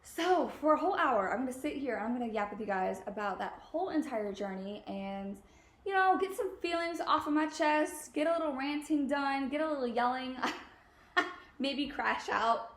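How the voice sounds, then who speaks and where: A young woman in her twenties, with a high voice and lively intonation, hosts a casual podcast from home at a normal speed. She's chatty and bubbly, swearing and laughing freely. Her podcast mic picks up an echoey room.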